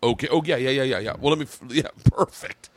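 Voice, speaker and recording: A comedian hosting a podcast, talking in a rambling, halting, profane way. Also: male voice, medium pitch, no echo. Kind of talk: casual podcast chat.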